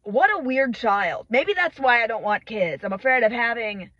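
A woman's voice: a little high, sing-song, moderate pace, hardly any pauses, sharp tone, dry recording, dull audio. A young woman vlogging from her phone at arm's length, rambling through sweary, self-mocking comic tangents. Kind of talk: rambling comedic vlog monologue. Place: in and around a car. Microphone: phone held at arm's length.

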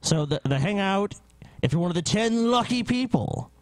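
A man's voice: high voice, lively intonation, normal speed, dry recording. A man co-hosting a casual podcast, bantering loosely and working himself into mock rants. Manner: mock-ranting, builds to shouting. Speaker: podcast co-host.

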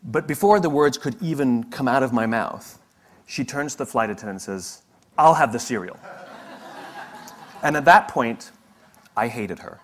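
A man's voice: medium pitch, lively intonation, a little slow, pauses often, slight background noise. A man giving a motivational talk, telling stories in a conversational way with humorous asides. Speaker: motivational speaker.

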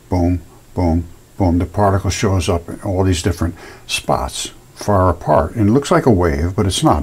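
Husky, lively-voiced man explaining. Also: on the low side. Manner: folksy, emphatic, with sound effects and repetitions. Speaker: presenter of fringe science videos. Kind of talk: casual explanatory talk over pictures.

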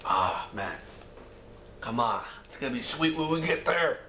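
Brief: mid-pitched male gamer ranting and cursing over a let's play, in an echoey room. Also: animated, a little slow, pushed and bright, a little hiss or hum. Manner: frustrated, swearing rants. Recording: roomy echo with faint game music.

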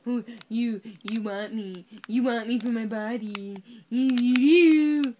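Casting: high, animated woman gamer, crude and silly, noisy home mic. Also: takes it slowly. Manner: joking, crude, playfully dramatic. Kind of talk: casual chat while gaming.

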